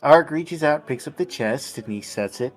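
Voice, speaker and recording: A man playing in a tabletop game, talking things through slowly and haltingly. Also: a little high, lively intonation, soft background music. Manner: slow, halting, thinks aloud. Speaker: player. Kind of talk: casual table talk.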